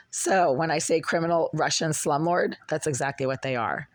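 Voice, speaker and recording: Hoarse vlogger with a mid-pitched, dry voice, complaining and rambling. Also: moderate pace, dry recording. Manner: aggrieved, rambling, with throat-clearing. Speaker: tenant making a complaint video. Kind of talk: casual vlog report. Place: cold apartment indoors, bundled under a blanket.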